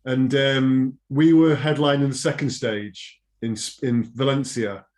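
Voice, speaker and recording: A man, guest drummer, telling relaxed backstage anecdotes. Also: medium pitch, measured pace. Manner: laid-back anecdotal storyteller. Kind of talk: casual chat.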